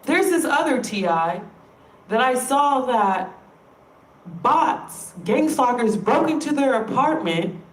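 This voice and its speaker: A woman vlogger vents to her audience, emphatic and exasperated, cursing without holding back. Her voice sits a little high and carries the roomy echo of a space with the mic set some way off. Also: sing-song, slow pace. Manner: frustrated, emphatic, swears freely. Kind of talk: direct-to-camera rant. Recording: roomy sound, distant from the mic.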